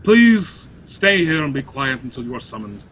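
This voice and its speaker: A man's voice: medium pitch, very animated, moderate pace, fairly bright tone, slight background noise. Fields: a man doing a curt guard. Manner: brusque, dismissive. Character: curt male guard herding visitors.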